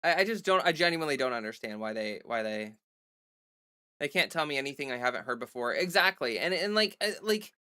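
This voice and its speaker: Bright-voiced woman rambling on a livestream. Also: a bass voice, animated, brisk. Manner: rambling, many fillers and restarts; defiant, blunt, swears. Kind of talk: casual livestream chat. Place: home streaming setup under bright lights.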